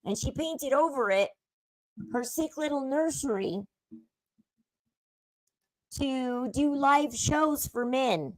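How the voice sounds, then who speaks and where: A woman's voice: high voice, lively intonation, slow, pauses often, no echo, rough recording. A woman streamer giving emphatic true-crime gossip commentary, repeating points and lecturing her viewers.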